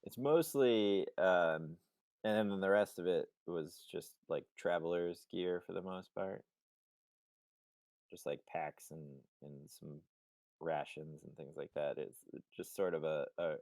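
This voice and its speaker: A man runs a tabletop game as game master, pausing often on fillers. His voice is very deep. It sounds dry and close to the mic. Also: darkish tone, no room sound. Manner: hesitant, filler-heavy.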